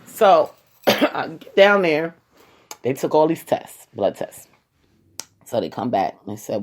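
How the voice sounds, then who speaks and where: Animated woman telling a story. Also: rumbling low, measured pace, creaky, pauses often. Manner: animated, dramatic retelling with many quoted asides. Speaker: vlogger. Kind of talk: casual storytelling to viewers.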